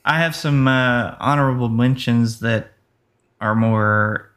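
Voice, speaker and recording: A man co-hosting a casual movie-review podcast, speaking in a dry, matter-of-fact way with many pauses. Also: mid-range voice, a bit bright. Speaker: podcast co-host.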